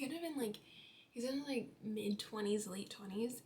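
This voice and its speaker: A woman in her twenties, a beauty vlogger, chats casually about her life as she does her makeup, using lots of fillers. Her voice is high-pitched and fast, with slight background noise.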